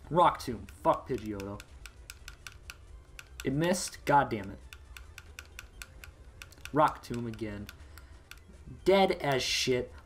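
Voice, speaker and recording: A man talks through his game run in an unhurried, offhand drawl. He swears constantly and yelps at sudden turns, with faint background hiss and keyboard clicks near the mic. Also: mid-range voice. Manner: profane, excitable outbursts. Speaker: let's play gamer. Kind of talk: casual gaming commentary.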